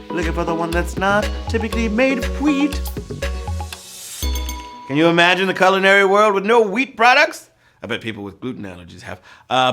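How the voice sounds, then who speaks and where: A man hosting a live trivia show, reading questions with playful rhyming quips and jokes. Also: fairly high pitch. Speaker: trivia game show host.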